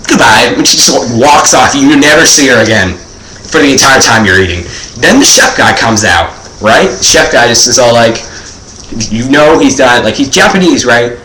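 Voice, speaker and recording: A man's voice: medium pitch, lively intonation, moderate pace, pushed and bright, a little hiss or hum. A teenage boy doing a rambling comedic monologue, filling nearly every phrase with "like.". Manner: rambling, filler-heavy, says "like" constantly. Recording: echoey room.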